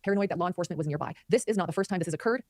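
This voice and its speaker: A woman hosting a live commentary stream, talking quickly and animatedly and reading viewer comments aloud. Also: on the low side, darkish tone, no echo, studio quality. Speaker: commentary host.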